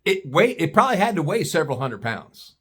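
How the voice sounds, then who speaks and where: A man spins a rowdy tale in a casual, conversational way, swearing freely. His voice sits a bit high and swings up and down with the telling. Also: fairly quick, breathy edge. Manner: animated, profane, conversational. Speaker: storyteller. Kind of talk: casual storytelling.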